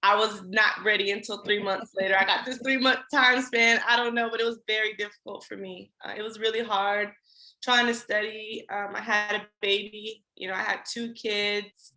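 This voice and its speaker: A woman talks through her own story as a podcast guest, slipping into her old lines as she goes. Her voice is bright and forward, and it rings a little in an echoey room. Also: medium pitch, steady tone, moderate pace. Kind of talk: casual interview chat.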